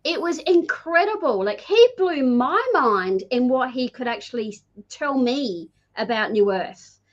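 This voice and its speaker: A woman's voice: high-pitched, unhurried. Chatty woman on dull lo-fi audio. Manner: chatty, animated, full of fillers and acted quotes. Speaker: energy healer guest. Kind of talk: casual conversational storytelling.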